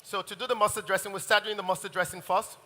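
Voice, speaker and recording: Male chef, live demo, upbeat, high and bright, reverberant hall. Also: flat delivery, quick pace. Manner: enthusiastic, talks while cooking. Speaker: chef giving a cooking demonstration. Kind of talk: live cooking demonstration. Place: large hall at a live event.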